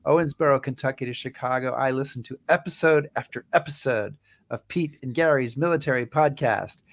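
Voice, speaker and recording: A man co-hosting a casual podcast, joking around playfully and restarting his sentences often. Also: medium pitch. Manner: playful, halting, many restarts. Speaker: podcast co-host.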